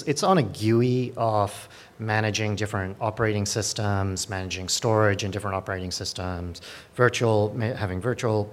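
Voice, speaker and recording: A man, a lawyer, giving a conference talk in a dry, sardonic way with many fillers and restarts. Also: fairly low pitch. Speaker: lawyer at a digital rights group.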